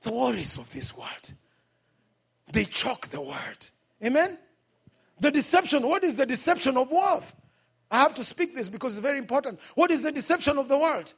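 A man with a Kenyan accent, preaching a sermon as pastor at a church service, swinging between hushed asides and shouted points. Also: extremely high pitch, sing-song, normal speed, vocal fry, husky.

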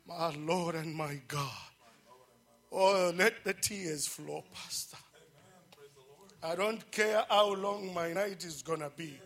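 A middle-aged man giving an emotional testimony at a church service, halting and fervent, breaking into praise. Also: high voice, a bit bright.

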